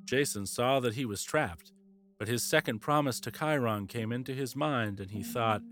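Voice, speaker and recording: A man narrating a classic fairy tale as the host of a storytelling podcast, in a measured storyteller's delivery. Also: medium pitch, a bit bright, soft background music.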